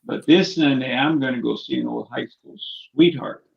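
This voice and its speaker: A man's voice: medium pitch, moderate pace, vocal fry, highs cut off. A man joking around good-naturedly on a casual live stream.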